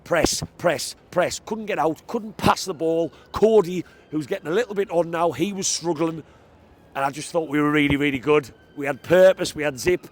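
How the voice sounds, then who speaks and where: Handheld mic in hand, a male football fan records his reaction vlog outside the stadium after the game. He sounds excitable and emphatic, chatting at a moderate pace in a slightly high voice.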